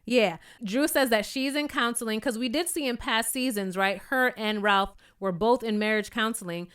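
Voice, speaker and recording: A sassy young woman talks through a reality show recap in a casual, chatty way. Her voice sits a little high and sounds smooth and clear. She jumps into higher voices to act out the cast's lines. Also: normal speed, a bit bright.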